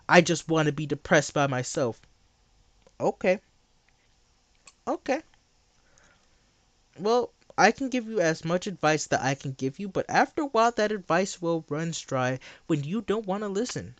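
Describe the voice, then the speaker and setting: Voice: mid-range voice, animated, measured pace, pauses often, dry recording. A livestreamer ranting to chat in a blunt, sarcastic, exasperated way, repeating phrases for emphasis.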